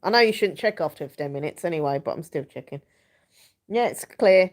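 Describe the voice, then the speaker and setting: A woman's voice: lowish voice, expressive, a little fast, a little mellow. A young woman hosting a casual live chat from home, rambling and giggling as she reads viewers' comments. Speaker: live stream host.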